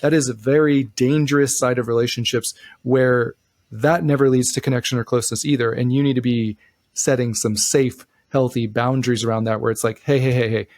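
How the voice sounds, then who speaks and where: A man's voice: medium pitch, fairly even intonation, a little fast, a little mellow, no room sound, clean studio sound. A young man co-hosting a relationship podcast, giving earnest advice in a casual chat with frequent restarts. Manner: earnest, thoughtful, frequent restarts and acted quotes.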